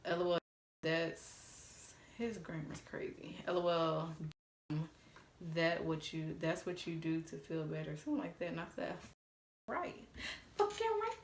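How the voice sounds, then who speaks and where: Woman, twenties, sassy and blunt, swears freely, slightly low voice, echoey room. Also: slight background noise. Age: 20s. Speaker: storytime vlogger. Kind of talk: casual storytime vlog.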